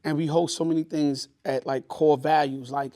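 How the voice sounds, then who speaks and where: Tired New York man, slightly high voice. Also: moderate pace. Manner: animated reactions, reflective. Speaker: podcast co-host. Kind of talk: casual chat.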